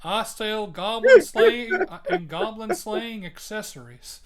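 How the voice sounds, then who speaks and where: A man hamming up a loud, bossy Southern plantation owner who hunts goblins, drawling every word in a thick Southern accent. He barks orders with a bit more height and push than his usual voice. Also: high-pitched, big pitch swings, takes it slowly, crowd noise, voice pushed up, exaggerated voice. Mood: gruff. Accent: American Southern.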